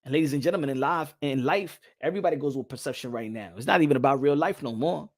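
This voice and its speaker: Man, high voice, animated boxing commentary, repeats himself, gets loud. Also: quick pace. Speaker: boxing show host.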